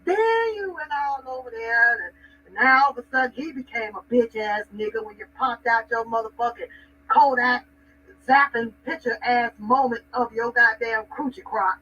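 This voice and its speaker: A woman's voice: a little high, fairly even intonation, moderate pace, bright, forceful tone, distant mic, a little hiss or hum. A woman hosting a livestream, ranting casually in a mocking, rambling and profane way. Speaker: livestream host. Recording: dull lo-fi sound from off-mic.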